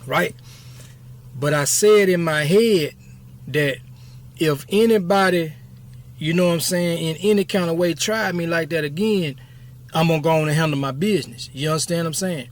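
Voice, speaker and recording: A man's voice: a little high, moderate pace. A man in his fifties telling a story from his past in a casual, rambling way, often checking in with "you know what I'm saying". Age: 50s. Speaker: YouTube storyteller.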